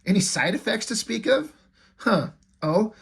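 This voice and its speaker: A man's voice: lively intonation, unhurried, creaky, fairly bright tone, husky, full character voice. Man doing a frantic cheeseburger-headed guy. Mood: panicked. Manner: frantic, high-pitched yelping. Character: panicked man with a cheeseburger for a head.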